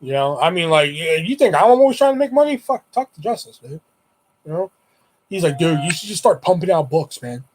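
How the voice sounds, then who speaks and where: A man tells a winding personal story straight to his viewers, swearing freely as he goes. He acts out his friends' lines in the middle of telling it. His voice sits a little high for a man. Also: very animated, a little fast, slight background noise. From Houston area. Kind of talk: casual storytelling.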